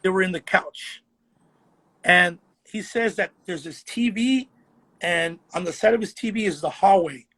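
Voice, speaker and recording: Guy on a podcast, highish husky voice, earnest casual chat. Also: a little slow, sharp tone. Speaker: podcast guest.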